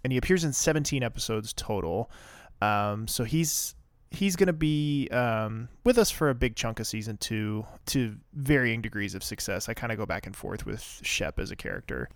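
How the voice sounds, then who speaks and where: A man's voice: fairly low pitch, expressive, moderate pace, dry recording, clean studio sound. A man co-hosting a podcast, casually recapping a TV episode in a rambling, chatty way. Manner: chatty, rambling with fillers and asides. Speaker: podcast co-host.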